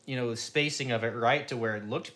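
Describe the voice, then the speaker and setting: A man co-hosting a podcast, chatting animatedly about a TV episode and jumping into loud character quotes. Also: mid-range voice, fast talker. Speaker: podcast co-host. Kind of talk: casual chat recapping a TV episode.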